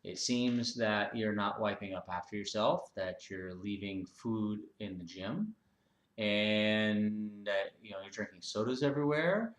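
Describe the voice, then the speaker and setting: A man's voice: fairly low pitch, measured pace, pitched below the performer's own voice, lightly acted. A man voicing a patient gym owner who lays out rules and fees in a reasonable tone, with many fillers. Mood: patient explaining. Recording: roomy echo.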